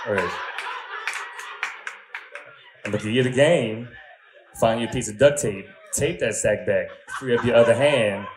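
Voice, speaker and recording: A male comedian working a crowd through a long story. His pitch is mid-range, and he swings into loud, high exclamations as he acts out the scene. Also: brisk, background noise. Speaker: stand-up comedian. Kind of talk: stand-up storytelling.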